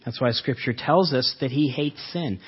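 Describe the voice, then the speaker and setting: A man preaching a sermon as a pastor, earnest, asking the listeners rhetorical questions and slowing down for emphasis. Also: medium pitch, slightly rough, dull audio.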